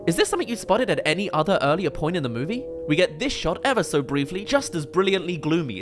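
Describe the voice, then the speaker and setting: Male film reviewer, enthusiastic, analytical commentary, fairly high voice, faint music behind.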